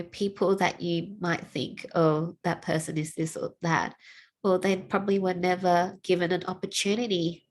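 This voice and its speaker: A woman giving a heartfelt personal talk, reflective and sincere, with frequent sighs. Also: fairly low pitch. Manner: emotional, tearful at times, with sighs and laughs; slow and reflective. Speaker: speaker sharing personal reflections.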